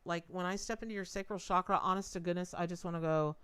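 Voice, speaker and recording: A woman's voice: lowish voice, fairly quick, fairly bright tone, clear, resonant tone. A woman giving a tarot reading on a live stream, chatty, repeating words for emphasis and talking straight to her viewers. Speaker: tarot reader.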